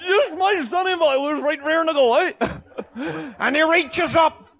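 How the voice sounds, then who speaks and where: An older man telling a comic tall tale, boisterous and loud, often laughing as he talks. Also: extremely high pitch, measured pace, vocal fry, dull audio. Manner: boisterous, often shouting and laughing mid-sentence. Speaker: storyteller.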